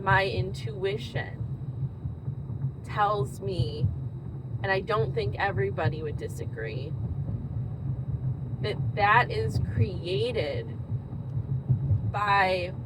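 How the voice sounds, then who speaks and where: A woman speaking in an earnest, thoughtful way, reflecting slowly and pausing often in a personal monologue. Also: medium pitch, background noise. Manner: slow, earnest, thoughtful, with frequent pauses. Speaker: host.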